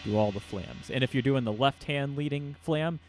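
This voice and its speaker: A man's voice: medium pitch, moderate pace, loud music behind the voice. A man giving a casual drum lesson, explaining hits and counting beats aloud. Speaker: drum teacher. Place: room with a drum kit. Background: drums played between talk.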